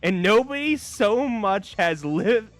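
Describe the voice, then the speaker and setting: Animated man streaming a dating game. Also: sits high, takes it slowly, soft background music. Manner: animated, laughing, rambling asides. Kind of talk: casual gameplay commentary.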